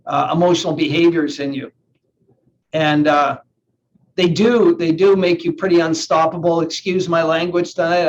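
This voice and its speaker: A man coaching a live online group session, talking earnestly and often repeating words as he thinks aloud. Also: high voice. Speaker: NLP coach. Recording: slightly dull lo-fi sound with faint hiss.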